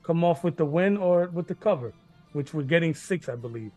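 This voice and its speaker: A man's voice: a little high, animated, fairly quick, a little mellow, faint music behind. A man hosting a casual sports betting chat, rambling, repeating himself, laughing and swearing often. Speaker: sports betting podcast host.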